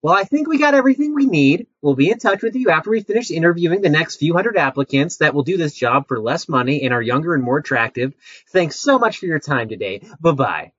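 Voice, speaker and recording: A brisk corporate interviewer who talks down to the applicant with deadpan condescension, voiced by a man in a comedy sketch. The pitch swings widely from line to line. The sound is dry and a little muffled. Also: dry recording. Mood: condescending. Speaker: job interviewer.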